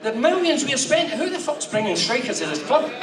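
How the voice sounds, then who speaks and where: A man in his fifties, a guest speaker telling animated after-dinner stories, swearing freely. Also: very high-pitched, a little fast, heavy background noise. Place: function room with audience. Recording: echoey hall, far mic, crowd.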